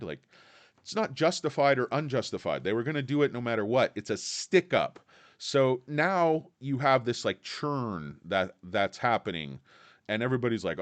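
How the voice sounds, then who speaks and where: A man giving a blunt, insulting, animated rant as a stock market commentator, full of fillers and restarts. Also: lowish voice, moderate pace.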